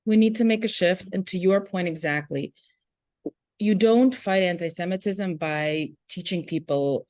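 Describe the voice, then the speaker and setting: A woman educator answers interview questions passionately and reflectively, pausing with frequent fillers. Her voice sits very low for a woman. The sound is dry and close-miked. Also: darkish tone, no room sound. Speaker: educator and guest. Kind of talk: conversational interview.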